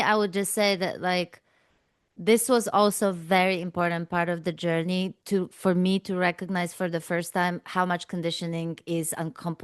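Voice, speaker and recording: A woman's voice: fairly low pitch, clear, resonant tone, no room sound. A woman hosting a reflective spiritual conversation, sharing her own experience in a searching, tentative way, often saying "you know" and "I don't know". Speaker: podcast host.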